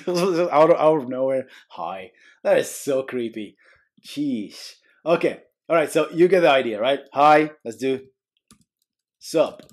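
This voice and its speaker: A man's voice: mid-range voice, animated, slow. A man hosting a casual coding tutorial, walking through code on screen with jokey asides and frequent "okay?" and "guys". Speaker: programming tutorial host.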